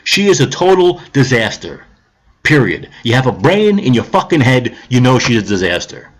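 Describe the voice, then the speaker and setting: A man's voice: mid-range voice, sing-song, normal speed. A man ranting on a live stream about politics, heated, sarcastic and profane, repeating his points.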